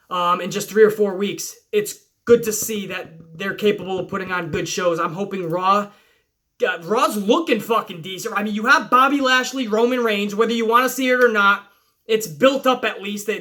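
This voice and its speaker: A high-pitched middle-aged man talks through a wrestling episode in a loose vlog recap. He swears constantly, rambles and drifts between points as he goes. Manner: profane, animated, rambling. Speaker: wrestling show reviewer. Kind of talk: casual opinionated recap vlog.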